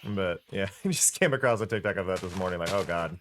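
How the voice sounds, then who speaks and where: A man's voice: deep voice, animated, quick pace, noisy background. A man streaming a game, chatting casually and rambling at a desk mic, swearing and laughing often. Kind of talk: casual live-stream chat while gaming.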